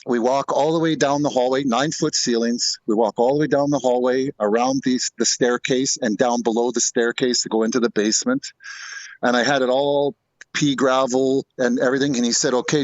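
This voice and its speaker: A man's voice: mid-range voice, no echo, dull audio. A middle-aged man telling a ghost story in a loose, rambling way, full of restarts and asides. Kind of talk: casual storytelling.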